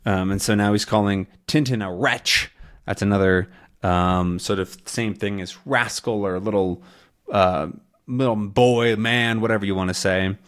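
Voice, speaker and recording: A man's voice: fairly low pitch, fairly even intonation, measured pace. A man reading a comic aloud for English learners, explaining words and acting out the characters' lines. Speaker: English teacher.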